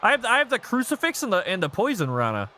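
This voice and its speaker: This is a gaming streamer with a bright, high voice that leaps up and down as he reacts. He chats casually, swears at the action on screen and breaks off to baby-talk his pets. There is a faint ambient hiss behind him. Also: huge pitch swings, quick pace.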